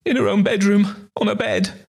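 Guy doing a scared weepy young maid, high squeaky stammering voice. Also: sing-song, moderate pace, creaky, breathy edge, full character voice. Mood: terrified. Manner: stammering, wailing. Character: terrified young female servant, panicky, tearful.

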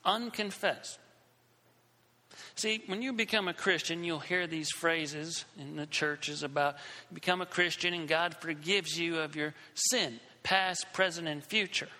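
A man's voice: fairly high pitch, steady tone, a little slow, bright, forceful tone, big-room sound. A man preaching a sermon, telling a story and acting out the scenes with shifting voices.

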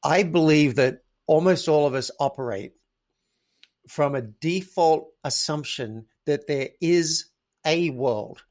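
A man's voice: on the high side, slow, a little mellow. A man, a podcast guest who tells stories animatedly and acts out his own quoted thoughts. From Australia. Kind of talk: casual interview chat.

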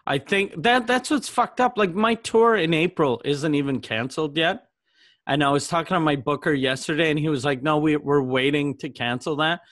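A man's voice: a little high, moderate pace, fairly bright tone, no room sound, clean studio sound. A man hosting a casual podcast chat, telling rambling stories with lots of swearing. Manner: profane, rambling storyteller. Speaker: comedian podcast host.

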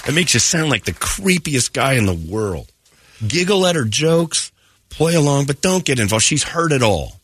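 A man's voice: fairly low pitch, big pitch swings, normal speed, fairly bright tone, husky. A male radio host telling a raunchy story in casual chat, laughing and acting out other people's voices.

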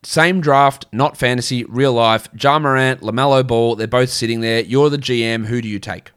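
A man's voice: mid-range voice, fairly even intonation, moderate pace, a bit bright, clear, resonant tone. Chatty Australian man hosting a livestream. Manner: chatty, blunt, frequent restarts and fillers. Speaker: fantasy basketball livestream host. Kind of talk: casual livestream chat answering viewer questions.

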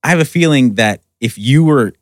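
A man's voice: medium pitch, animated, normal speed, no echo. Man. Frank, teasing podcast voice. Dry, close mic. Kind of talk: casual podcast chat.

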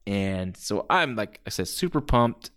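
A man in his forties hosts a podcast, telling stories in a rambling, enthusiastic monologue full of fillers. His fairly low voice is very animated, fairly bright and clean, moving at a measured pace.

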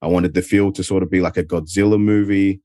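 A man's voice: sits low, fairly even intonation, fast, mellow, no echo, clean studio sound. A man with an Adelaide Australian accent, chatting easygoingly as an interview guest from home, rambling with lots of filler words. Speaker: guest, professional wrestler. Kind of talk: casual interview chat.

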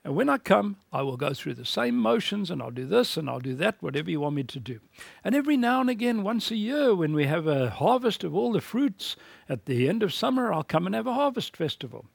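A man's voice: high voice, big pitch swings, brisk, vocal fry, dry recording, pitched above the performer's own voice, heavily acted. A man voicing the biblical Cain as a defiant, self-assured man who bargains with God in an offhand, pleading way. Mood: bargaining.

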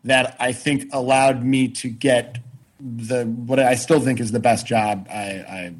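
A man with a slightly husky voice tells a long personal story as a podcast guest. He talks in an animated, loose way, swears freely and restarts his sentences often. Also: mid-range voice, a little slow, poor audio. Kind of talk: casual storytelling chat.

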